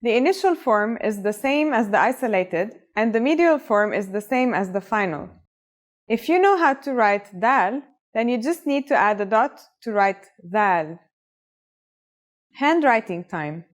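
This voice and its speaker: A woman's voice: fairly high pitch, animated, measured pace. A woman narrating a scripted language lesson in an upbeat, encouraging way. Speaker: language teacher.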